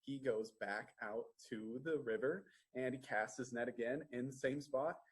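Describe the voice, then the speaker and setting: A man reading a story aloud at a children's storytime, asking the listeners questions with drawn-out pauses. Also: medium pitch, husky. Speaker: library storytime reader.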